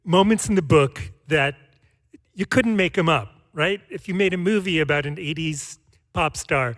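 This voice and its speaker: Enthusiastic male interviewer, higher voice. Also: moderate pace, fairly bright tone. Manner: enthusiastic, admiring questions. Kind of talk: onstage interview.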